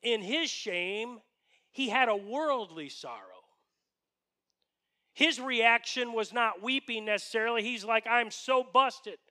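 A man delivers a sermon from the pulpit, speaking earnestly and pressing his points with rhetorical questions. His voice sits high for a man and has a bright, forceful edge. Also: lively intonation, slow, pauses often. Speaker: pastor.

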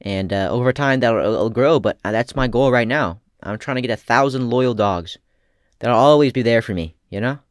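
A man giving casual comedic commentary as a vlogger, rambling and profane with deadpan asides. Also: mid-range voice, normal speed, dry recording, clean studio sound.

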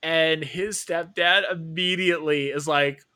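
Male guest, fairly high pitch, bright tone, animated swearing storyteller. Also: measured pace. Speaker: podcast guest. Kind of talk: casual storytelling.

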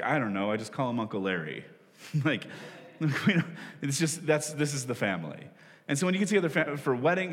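A chatty pastor in a reverberant hall. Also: male voice, medium pitch. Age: 40s. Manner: conversational, self-deprecating, with frequent laughs and restarts. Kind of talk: sermon. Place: church hall. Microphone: stage microphone. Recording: long reverb of a large hall.

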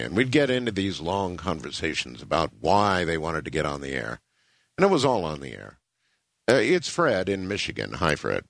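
A man hosting a late-night call-in radio show, talking in a slow, musing way. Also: sits low, huge pitch swings, creaky, a bit bright, dry recording. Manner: slow, musing, drawn-out delivery. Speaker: radio talk show host.

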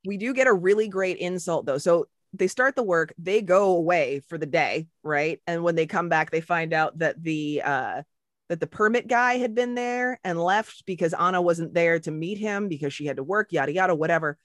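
A woman's voice: fairly low pitch, normal speed, dry recording, studio quality. A woman co-hosting a podcast, retelling movie scenes in casual, profane chat. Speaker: podcast co-host.

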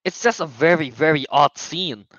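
A man's voice: on the high side, normal speed, fairly bright tone, no room sound. A young man co-hosting a podcast, hesitant and laughing often as he chats. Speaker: podcast co-host. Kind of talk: casual chat. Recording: dry, slightly muffled mic.

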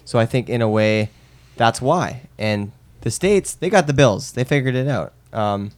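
A man's voice: mid-range voice, expressive, a little slow. A man in a casual podcast chat, thoughtful and laughing easily.

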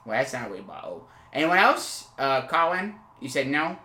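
A man hosting an improvised comedy podcast, rambling and halting with many fillers before turning suddenly emphatic. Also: medium pitch, very animated, sharp tone, echoey room. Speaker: podcast host.

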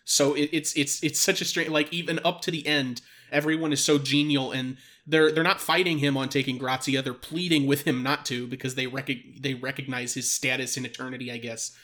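A man's voice: mid-range voice, little pitch movement, brisk, few pauses, sharp tone. A man co-hosting a podcast, chatting casually about films, stammering a little and laughing easily. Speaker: podcast co-host. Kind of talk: casual film discussion.

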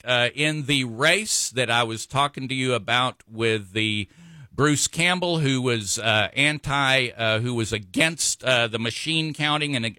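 A man hosting a talk radio show, his voice bright and pushing forward. He rambles through announcements with plenty of ums and restarts. The studio sound is close and dry. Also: medium pitch, no room sound. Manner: rambling, full of fillers and self-corrections. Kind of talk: local talk radio monologue.

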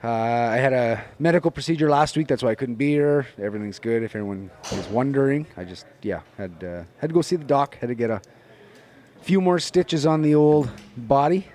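A man co-hosting a casual podcast, relaxed, often trailing off quietly. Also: medium pitch, brisk. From Canada. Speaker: podcast co-host. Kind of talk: casual chat.

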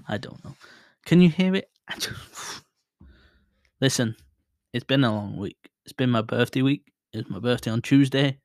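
A man's voice: medium pitch, a little slow, long pauses, no echo, clean studio sound. Rambling man in his thirties podcasting. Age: 30s. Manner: rambling, self-deprecating, bursts of loud excitement. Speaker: podcast host. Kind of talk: casual solo podcast chat. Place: home room, alone. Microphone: desk mic set to far mode, about a foot away.

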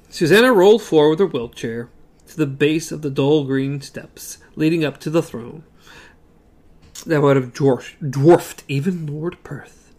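A co-host reading a novel aloud in a casual podcast, animated and breaking off to joke. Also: medium pitch, unhurried. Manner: animated, laughs between passages.

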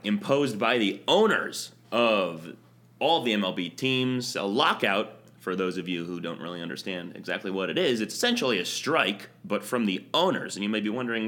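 Brief: New guy, comedy podcast host, low voice, profane, hammy announcer bits. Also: lively intonation, moderate pace, fairly bright tone. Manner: crude, mock-announcer showman bits. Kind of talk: casual comedic podcast chat.

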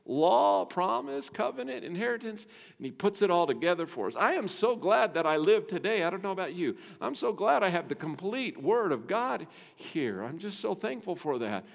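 An older man preaching a sermon, emphatic, asking rhetorical questions and swinging between loud and soft. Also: high-pitched, sing-song, moderate pace, vocal fry. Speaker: pastor. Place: church sanctuary. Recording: long hall reverb.

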